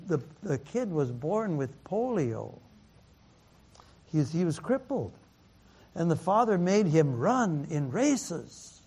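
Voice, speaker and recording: Teaching a Bible class like a sermon, a pastor whose male voice sits on the high side talks slowly and falteringly. His words repeat, laughter comes frequently, and Mandarin phrases are woven in.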